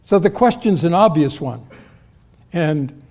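A man with a slightly raised pitch delivers a sermon as pastor. He teaches in an easy, conversational way and turns to the congregation with questions as he explains. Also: animated, a little slow, darkish tone. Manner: conversational Bible teaching, addresses the congregation directly.

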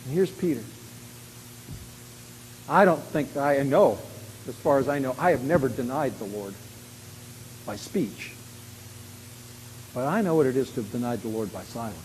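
A man preaching a sermon. He acts out quoted lines loudly and drops to a quiet voice when he reflects. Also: medium pitch, moderate pace, long pauses. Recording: long hall reverb with faint hiss.

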